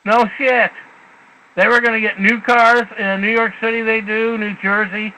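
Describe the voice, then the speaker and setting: High-voiced blunt talk host man. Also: little pitch movement, normal speed, bright, forceful tone, rough recording. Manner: blunt, rambling, profane. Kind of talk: casual radio talk.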